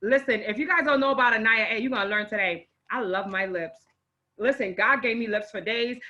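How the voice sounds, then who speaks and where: A woman's voice: on the high side, lively intonation, moderate pace, sharp tone, muffled recording. A woman hosting a live online show, effusive and exclaiming, close to tears as she unboxes gifts and introduces her guest. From Haitian parents. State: on the verge of tears. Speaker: host.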